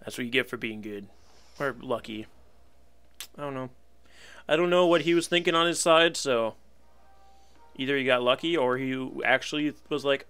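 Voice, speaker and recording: Bright-voiced young man commenting on gameplay. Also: medium pitch, normal speed, long pauses, smooth, faint music behind. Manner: casual, wry and resigned, laughs at himself. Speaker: gaming channel host.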